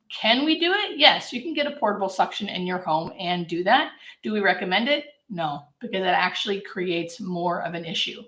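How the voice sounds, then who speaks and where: This Southern California woman works as a hospice nurse and keeps things upbeat as she fields viewer questions during a live-stream Q&A. Her mid-range voice is a bit bright, and the camera mic captures plenty of reverb.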